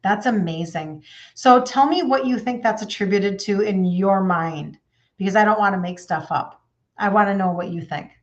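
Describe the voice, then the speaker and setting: A woman's voice: medium pitch, normal speed, highs cut off. A woman in her fifties, a health coach chatting casually on a live stream and reading out viewer comments, with lots of fillers. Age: 50s.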